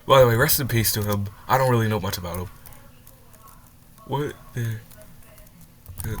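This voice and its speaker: A man's voice: lowish voice, a bit bright, a little hiss or hum. A young man reacting to a clip, heated and swearing, stumbling over his words and sounding upset after crying. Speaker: reaction video host. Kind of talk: reaction commentary.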